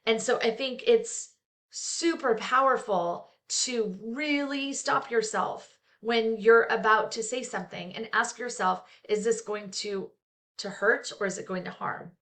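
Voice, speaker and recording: A middle-aged woman reads from a book in an easy, conversational way. She keeps pausing to add candid comments of her own, full of "you know" and "like". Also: fairly high pitch, fairly bright tone. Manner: reads aloud then breaks off into frank, chatty asides with fillers. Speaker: therapist reading and discussing a book. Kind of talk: casual book reading with commentary.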